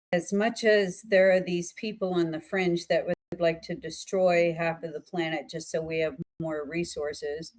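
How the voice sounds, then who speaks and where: A woman hosts a psychic livestream in a casual, chatty way. She laughs often and leans on fillers. Her pace is slow and relaxed. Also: on the low side. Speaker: psychic show host.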